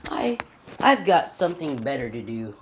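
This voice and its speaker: A cold, cruel young frost demon that a woman puts on sneers and drawls his words, condescending and mocking in a low voice. The delivery swings widely in pitch, like a casual fan story read aloud. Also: sing-song, normal speed, a little hiss or hum. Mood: sneering.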